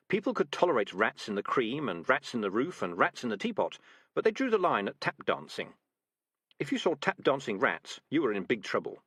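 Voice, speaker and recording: A man reading a comic fantasy novel aloud as narrator, with lively storytelling. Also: medium pitch, husky, no room sound, studio quality. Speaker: audiobook narrator. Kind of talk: scripted narration.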